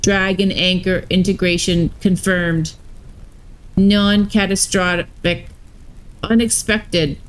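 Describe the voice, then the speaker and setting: A woman's voice: fairly low pitch, slow pace, poor audio. Woman doing cold robotic wardens. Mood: cold, clipped. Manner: flat, clipped machine-like delivery. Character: cold robotic cosmic wardens, emotionless and judging.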